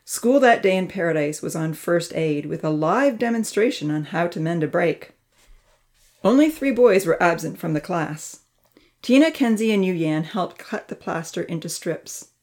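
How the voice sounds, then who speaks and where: A woman reading a children's story aloud, voicing the young characters' lines in a raised, expressive voice. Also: normal speed. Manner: expressive, lifts her voice high for the children's dialogue. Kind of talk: scripted narration of a children's story.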